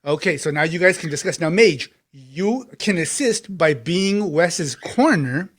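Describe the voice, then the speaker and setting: A man's voice: on the high side, animated, unhurried. A man narrating loosely as game master, chatty and full of fillers. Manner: loose, chatty scene-setting with many fillers.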